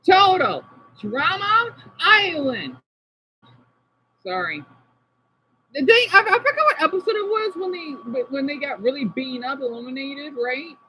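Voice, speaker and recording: High-voiced rambling male vlogger. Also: sing-song, measured pace, pauses often, bright, forceful tone. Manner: rambling, apologetic, playful asides. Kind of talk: casual chat reacting to videos. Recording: slightly dull, faint background noise.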